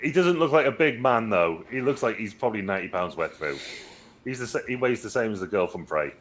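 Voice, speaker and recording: A man's voice: on the low side, expressive, fast talker, crowd noise. A man co-hosting a movie review podcast in casual chat, hesitant, repeating words and making dry jokes. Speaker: podcast co-host.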